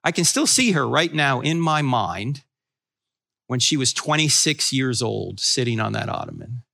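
A man's voice: mid-range voice, wildly swooping pitch, unhurried, creaky, bright, forceful tone. A man in his sixties from New Jersey giving a humorous talk on faith to a live audience, telling stories and acting out quoted voices. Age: 60s. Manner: storytelling, acts out quoted voices, wisecracking. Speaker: Christian apologetics speaker.

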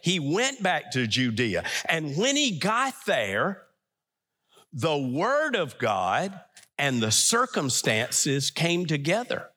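Man preaching, lively rising and falling delivery, bright voice, slow deliberate pace, long hall reverb. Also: fairly high pitch. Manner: emphatic, dramatic swings between loud and hushed. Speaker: pastor. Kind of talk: sermon.

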